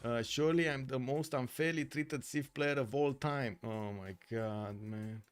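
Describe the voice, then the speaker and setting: A man's voice: mid-range voice, measured pace, background noise. Chatty Romanian man casting a strategy game. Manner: chatty, filler-heavy, often searching for words. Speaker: game commentator. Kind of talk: live-streamed strategy game commentary. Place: home streaming room.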